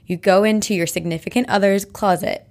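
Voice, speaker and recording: A young woman co-hosting a podcast in casual chat, talkative and quick to laugh. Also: mid-range voice, fairly even intonation, darkish tone. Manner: chatty, laughs often, emotional. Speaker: podcast co-host. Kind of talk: casual chat and host-read ad.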